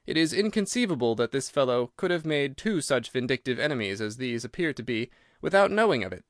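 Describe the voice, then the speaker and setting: A man reading an audiobook, voicing a cool, incisive detective who reasons in a crisp, assured way. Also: medium pitch, very animated, fairly quick, no room sound, studio quality, close to an everyday voice. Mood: explaining.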